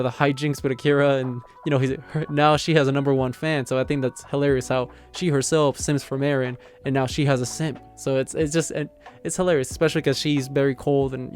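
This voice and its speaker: A man with a mid-range, slightly mellow voice casually recaps a manga chapter. He rambles, leaning heavily on "like" and "you know," and laughs with amusement as he retells it.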